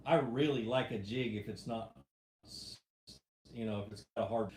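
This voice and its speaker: A middle-aged man, hosting a casual live fishing stream, reading viewer questions and answering in a relaxed, rambling way. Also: medium pitch, unhurried, pauses often. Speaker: fishing show host answering live chat. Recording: echoey room with faint background hum.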